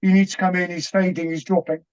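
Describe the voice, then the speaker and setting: A man's voice: high-pitched, little pitch movement, clear, resonant tone. Earnest man telling a story. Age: middle-aged. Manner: earnest, halting, with repeated restarts. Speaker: interview guest. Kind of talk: personal storytelling. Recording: dull, muffled audio.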